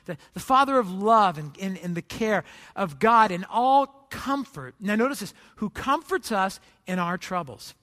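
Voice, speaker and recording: A man's voice: high-pitched, lively intonation, moderate pace, sharp tone, in a large hall. A man preaching a sermon as pastor, earnest and conversational, acting out little scenes from church life.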